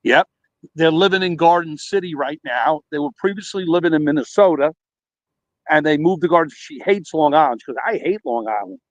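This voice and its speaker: A man's voice: a little high, fairly quick, dry recording, highs cut off. A man calling in by phone from a park, rambling animatedly through a story with quoted dialogue. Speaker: caller. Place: outdoors at a park.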